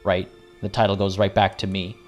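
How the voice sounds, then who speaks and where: A man's voice: sits low, monotone, brisk, lo-fi sound, faint music behind. A man casually talking through a strategy game on a live stream, chatty and wry, with mock-villainous asides. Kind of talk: casual live gameplay commentary.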